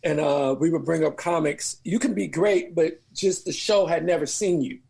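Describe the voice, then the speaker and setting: A man from New Orleans, a comedian guest telling profane stories in animated, laughing casual chat. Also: a little high, normal speed, gravelly, husky. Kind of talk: casual storytelling.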